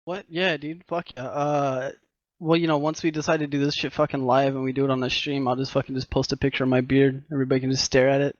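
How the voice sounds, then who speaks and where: Male co-host, rapid joking chat, dry close lo-fi mic. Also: medium pitch, level tone, no echo. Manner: quick, joking, swears freely. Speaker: podcast co-host. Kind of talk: casual chat.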